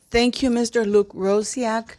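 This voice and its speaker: A woman commentary vlogger with a slightly high, darkish voice addresses her viewers with impassioned, indignant commentary. She often repeats phrases for emphasis.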